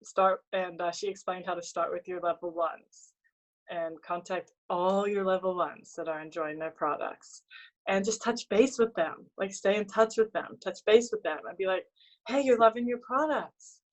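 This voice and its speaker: A woman's voice: fairly low pitch, steady tone, normal speed, rough recording. A woman chatting casually on a video call from a tablet, talking freely with plenty of fillers. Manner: chatty, full of fillers, emotional. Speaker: team member sharing convention takeaways.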